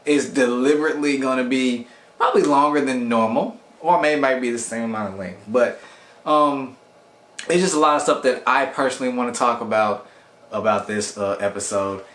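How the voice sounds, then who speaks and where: A man's voice: mid-range voice, normal speed. Chatty guy rambling thru an anime review, kinda echoey room. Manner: rambling, chatty, animated quoting. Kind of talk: casual video review.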